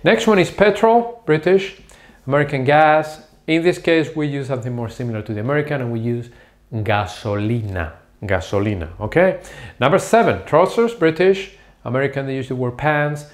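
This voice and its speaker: Man teaching vocabulary slowly. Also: a little high. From Spain. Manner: slow, deliberate pronunciation of words; checks in with "¿ok?". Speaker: Spanish teacher. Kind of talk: bilingual vocabulary lesson.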